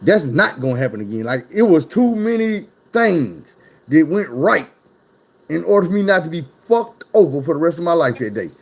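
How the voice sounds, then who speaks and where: Animated storytelling man, fairly high voice. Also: moderate pace. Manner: animated, profane, rises high when telling the story. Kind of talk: casual storytelling chat.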